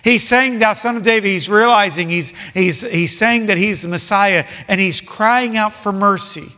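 A man preaching a sermon with passion, repeating his points and swinging between soft and loud. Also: high voice, moderate pace, big-room sound.

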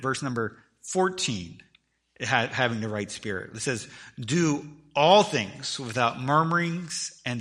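A middle-aged pastor with a mid-range, sharp-toned voice preaches a sermon. His emphatic delivery swells and drops in volume, and he often repeats words as he restarts.

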